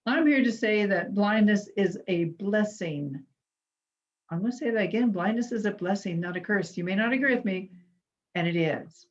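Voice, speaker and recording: A woman's voice: medium pitch, normal speed, muffled recording. A woman giving a conversational inspirational talk, a chatty and humorous storyteller. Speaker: inspirational speaker at a spiritual center.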